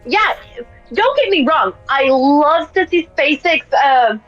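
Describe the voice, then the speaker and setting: A woman's voice: high-pitched, animated, takes it slowly, fairly bright tone, muffled recording, soft background music. A woman chatting casually on a game stream, rambling and full of filler words.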